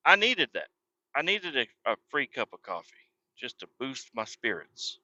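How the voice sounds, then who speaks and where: A man's voice: medium pitch, sing-song, moderate pace, pushed and bright, no room sound. A man hosting a podcast, telling a rambling, profane story about his day in casual talk. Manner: profane, rambling, swears constantly. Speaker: podcast host. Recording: dull lo-fi, dry.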